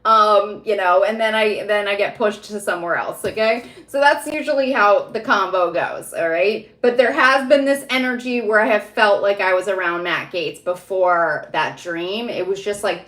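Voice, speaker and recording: Speaking in a mid-range, slightly bright voice, a woman psychic reader chats casually for a spiritual vlog. She rambles, uses lots of fillers, and laughs often, and the room gives her voice an echo.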